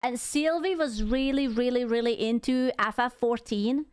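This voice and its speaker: A woman's voice: on the high side, normal speed, darkish tone, clean tone. A woman streamer giving casual reaction commentary, ranting in a heated, profane way because she is upset. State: angry and upset.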